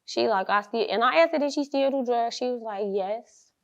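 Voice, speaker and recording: Young woman w a gravelly voice, blunt slangy storytelling, acts out quotes, kinda high. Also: moderate pace, muffled recording. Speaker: interview guest. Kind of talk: casual storytelling interview.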